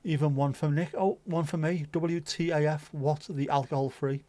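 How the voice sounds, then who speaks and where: A man's voice: fairly high pitch, steady tone, normal speed, dark tone, dry recording. Chatty man hosting a livestream. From Liverpool, England. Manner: chatty, sweary, rambling banter. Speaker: livestream host. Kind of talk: casual chat reading viewer comments.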